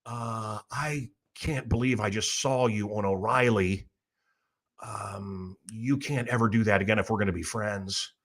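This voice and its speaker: A man quoting a male comedian in a lowered, hushed, scolding voice. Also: unhurried.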